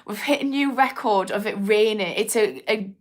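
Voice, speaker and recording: A woman's voice: medium pitch, moderate pace. Chatty Geordie woman on a livestream. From Newcastle, England. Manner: chatty, rambling, laughs often, swears casually. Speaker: livestream host answering viewer comments. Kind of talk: casual live chat.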